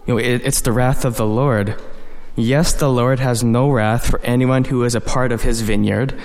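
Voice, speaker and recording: An earnest man delivering a sermon at a middle pitch, walking his listeners through scripture verse by verse. His voice carries a long reverb tail, as if recorded in a large hall. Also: fairly even intonation, normal speed, darkish tone. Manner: earnest, explains verse by verse with frequent "you know". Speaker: preacher.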